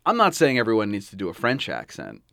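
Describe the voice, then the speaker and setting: A man's voice: fairly low pitch, fast talker, gravelly, no room sound, clean studio sound. A man hosting a podcast, chatting casually and asking questions as he thinks aloud. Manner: inquisitive, animated, thinking aloud. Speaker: podcast host. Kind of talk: casual chat.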